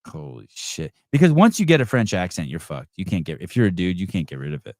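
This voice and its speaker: A man's voice: sits low, huge pitch swings, fast talker, darkish tone, no room sound, studio quality. A middle-aged man hosting a live call-in podcast, ranting bluntly and profanely with rambling restarts. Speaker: podcast host. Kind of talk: live call-in show commentary.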